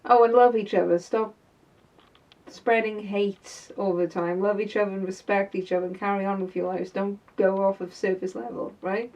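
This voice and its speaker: A woman's voice: mid-range voice, fairly even intonation, darkish tone, far from the mic, lightly acted, rough recording. Woman playing a sassy, fired-up woman mechanic. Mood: chatty. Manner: chatty, quick to get heated, laughs it off. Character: tough woman mechanic, sassy and fed up with stereotypes. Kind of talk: scripted character video diary.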